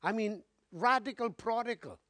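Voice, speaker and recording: A man preaching a sermon, telling his testimony in an animated storytelling way and building to emphatic appeals. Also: high-pitched, moderate pace, no echo.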